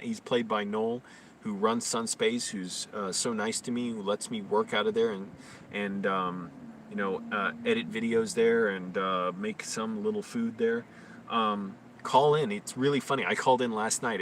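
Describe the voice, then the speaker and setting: Rambling man on a live stream. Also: fairly low pitch. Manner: rambling, loose talk full of fillers. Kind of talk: casual live-stream chat. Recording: slightly distant mic, faint noise.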